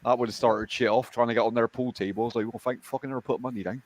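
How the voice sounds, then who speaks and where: A man's voice: medium pitch, fairly even intonation, rapid-fire, no room sound. A man telling rambling stories in casual chat, swearing freely. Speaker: chat participant.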